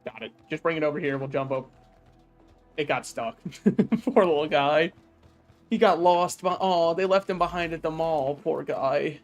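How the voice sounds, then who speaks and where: Brief: male livestreamer, slightly higher voice, projects loudly, jokey self-deprecating gameplay chatter over faint game music. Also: a little slow. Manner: projects his voice loudly, joking and self-mocking. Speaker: streamer. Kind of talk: casual gameplay livestream commentary.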